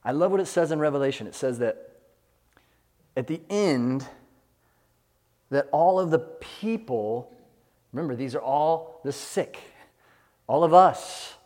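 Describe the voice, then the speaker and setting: A man's voice: on the high side, animated, measured pace, pauses often, a little mellow, in a large hall. A man preaching a sermon as a pastor, building his points in rhythmic lists and acting out imagined prayers.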